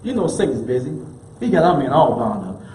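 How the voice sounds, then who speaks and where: A man's voice: medium pitch, big pitch swings, brisk, warm tone. A man preaching a sermon as minister, emphatic and colloquial, repeating key phrases for effect. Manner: casual colloquial delivery. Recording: echoey room with faint background noise.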